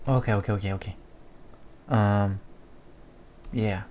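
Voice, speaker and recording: A man's voice: lowish voice, fairly even intonation, a little slow, noisy background. A man co-hosting a livestream, reading viewer chat aloud in rambling, casual talk full of fillers and restarts.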